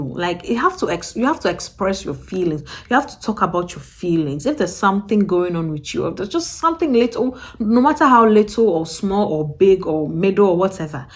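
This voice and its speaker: A woman talking casually to camera as a vlogger, animated and repetitive, often acting out other people's voices with a laugh. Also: mid-range voice. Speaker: vlogger and podcast host.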